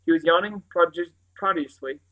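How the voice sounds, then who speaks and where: A man's voice: on the high side, a little fast, phone-quality sound. Man reading a novel aloud. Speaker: reader.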